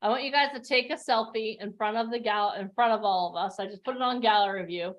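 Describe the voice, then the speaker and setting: The host of an online acting and modeling bootcamp coaches participants live over a video call, sounding passionate and emphatic. She talks fast in a mid-range voice.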